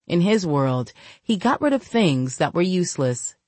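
A woman narrating an audiobook in steady storytelling. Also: on the low side, unhurried, no echo. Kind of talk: scripted narration.

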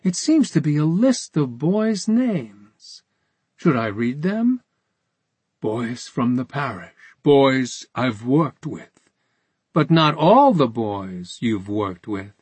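A man's voice: medium pitch, very animated, slow pace, darkish tone, husky, no echo, heavily acted. A man voicing a sneering mocking interrogator. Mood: taunting. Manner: taunting and sarcastic. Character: menacing, mocking male interrogator.

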